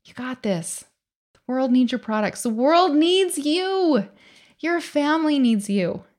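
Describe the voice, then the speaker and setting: A woman's voice: high voice, expressive, slow, darkish tone. A middle-aged woman hosting a motivational business podcast, talking in an upbeat, emphatic coaching way with lots of rhetorical questions. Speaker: podcast host.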